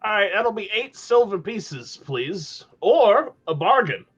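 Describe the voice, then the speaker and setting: Man putting on a shrill ancient goblin. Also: big pitch swings, takes it slowly, a bit bright, husky, full character voice. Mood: fussy. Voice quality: high, elevated voice. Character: extremely old male goblin ticket seller, fussy. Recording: slightly dull lo-fi audio.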